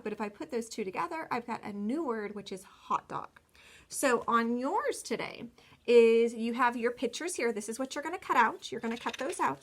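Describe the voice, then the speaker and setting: Slow-spoken woman teacher for little kids. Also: fairly high pitch, a bit bright. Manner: slow, clearly sounded-out words for young children. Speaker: kindergarten teacher. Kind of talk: recorded remote phonics lesson.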